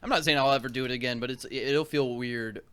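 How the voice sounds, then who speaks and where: A man co-hosting a relaxed podcast chat, speaking at an ordinary middle pitch. He rambles through his stories with plenty of restarts and breaks into laughter often. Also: quick pace, clean tone. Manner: loose, rambling with many restarts. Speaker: podcast co-host. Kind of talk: casual chat.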